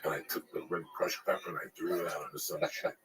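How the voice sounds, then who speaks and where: A man's voice: level tone, fast talker, music in the background, rough recording. A man in his fifties, telling crude stories casually and swearing constantly, often dropping to a mumble. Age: 50s. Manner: low-key, swears constantly, drifts into quiet mumbled asides. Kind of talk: casual profane storytelling. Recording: crowd noise behind the voice.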